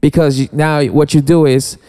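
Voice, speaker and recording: A man, a guest DJ, chatting casually and haltingly, with many restarts and "you know". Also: a little high, steady tone, warm tone, smooth. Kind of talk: casual studio chat. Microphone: studio mic.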